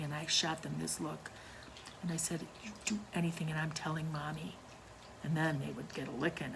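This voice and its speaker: An older woman tells a ghost story from her own childhood in a low, gravelly voice. She speaks slowly and quietly, often sinking almost to a whisper. Faint background noise sits under the recording. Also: low-quality recording. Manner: hushed, slow, dropping to near whispers. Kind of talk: personal ghost story narration.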